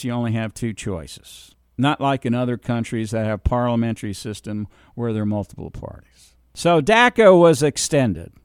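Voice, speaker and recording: Middle-aged guy ranting about politics, blunt and emphatic, average pitch, dry close mic. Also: clean tone, dry recording. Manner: blunt, emphatic, repeats points for stress. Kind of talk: political commentary monologue.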